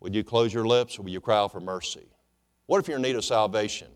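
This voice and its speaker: A male pastor preaching a sermon in an animated way, swinging between loud exclamations and hushed asides. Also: fairly low pitch, fast talker, clean tone. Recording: long hall reverb.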